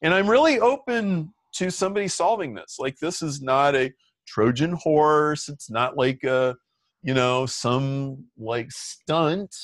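Middle-aged man, interview guest, relaxed storyteller with filler words, dry recording. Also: a little high, slow pace, dry recording. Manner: chatty, lots of "like" fillers. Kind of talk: casual storytelling.

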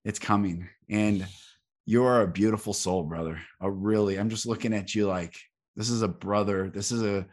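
A man's voice: lowish voice, fairly even intonation, moderate pace, darkish tone. A man hosting a podcast who speaks fervently and repeats himself for emphasis in an emotional spiritual conversation. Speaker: podcast host.

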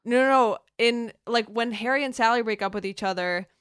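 A woman chatting casually, self-deprecating and quick with her stories. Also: fairly high pitch, a bit bright, clear, resonant tone, dry recording, clean studio sound. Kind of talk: casual podcast chat.

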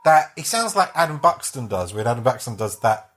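A man's voice: medium pitch, sing-song, a little fast, a bit bright. A man, an actor and comedian, chatting casually as a podcast guest in a meandering, self-interrupting way.

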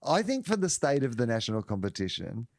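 Aussie male co-host, mid-range voice, deadpan and sweary, dry studio mic. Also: medium pitch, quick pace, dry recording. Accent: Australian. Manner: wry, deadpan jokes with casual swearing. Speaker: podcast co-host. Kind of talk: casual chat.

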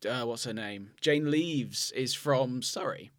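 A man's voice: mid-range voice, takes it slowly, no echo, studio quality. A British man co-hosting a podcast, making wry jokes in casual chat. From Britain. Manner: wry, jokey. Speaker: podcast co-host.

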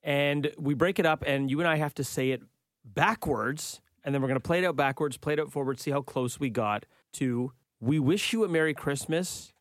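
A man's voice: fairly high pitch, normal speed, no echo. A man co-hosting a radio show, talking in playful, teasing banter from a studio.

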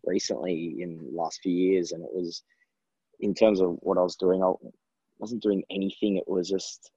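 A man with a very deep, husky voice talks hesitantly through a coaching chat. He restarts often and laughs easily. The sound is dull and muffled, with a dry room. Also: fairly even intonation, moderate pace, dark tone, dry recording. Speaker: coaching client. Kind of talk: casual chat.

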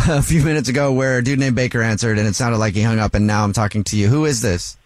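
A man's voice: mid-range voice, fast, darkish tone, no room sound. Dry-sounding male radio host. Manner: incredulous, laughing. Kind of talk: radio call-in segment. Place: radio studio. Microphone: studio mic.

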